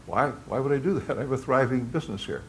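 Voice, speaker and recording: A man voicing a meek shopkeeper in a joke, with a quiet, hesitant and reluctant manner. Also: mid-range voice, quick pace, slight background noise, lightly acted. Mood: nervous. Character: meek, nervous male shopkeeper.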